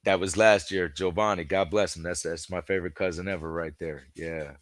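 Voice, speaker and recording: A man's voice: low-pitched, fairly even intonation, fairly quick, no echo. A man chatting as a podcast guest, telling rambling stories full of "you know" and acted-out dialogue. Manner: rambling storyteller, acts out quoted dialogue; leans heavily on "you know" fillers. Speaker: podcast guest, football fan. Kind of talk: casual chat.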